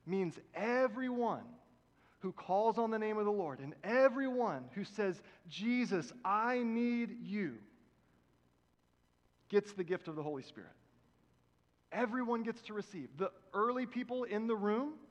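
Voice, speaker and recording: High-voiced preaching man, echoing church. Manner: emphatic preaching, swings between loud exhortation and hushed prayerful lines. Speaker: pastor. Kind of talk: sermon. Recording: long hall reverb from a church.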